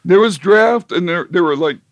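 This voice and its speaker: A man's voice: high-pitched, animated, moderate pace, no room sound, muffled recording. A man telling a long, wry, rambling story as an interview guest, with lots of fillers and restarts. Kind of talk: casual storytelling.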